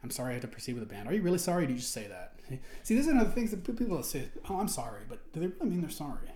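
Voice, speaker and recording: A man's voice: a little high, big pitch swings, racing, mellow. A man reading out forum posts and answering them in an indignant, rambling rant, restarting his sentences and swearing often. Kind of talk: ranting commentary while reading forum posts aloud. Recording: roomy echo.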